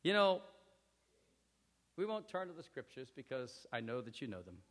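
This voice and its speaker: A male pastor preaching a sermon with animated storytelling, acting out scenes, in a church hall. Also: medium pitch, moderate pace. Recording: echoey hall reverb.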